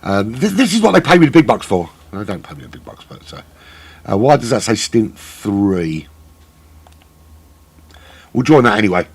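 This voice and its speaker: A middle-aged man with a lowish, slightly breathy voice commentates a live sim race, his pitch swinging widely at a moderate pace with long pauses. He rambles and jokes at his own expense to fill the airtime.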